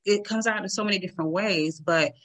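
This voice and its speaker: Earnest woman guest with a bright voice. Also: mid-range voice, fairly quick. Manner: earnest, repeats words while searching for them. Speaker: guest speaker. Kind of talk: interview conversation.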